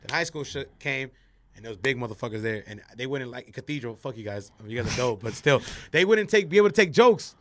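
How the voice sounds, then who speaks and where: A young man telling stories in a casual podcast chat, profane and animated, acting out the voices of the people in them. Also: medium pitch, quick pace. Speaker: radio personality guest.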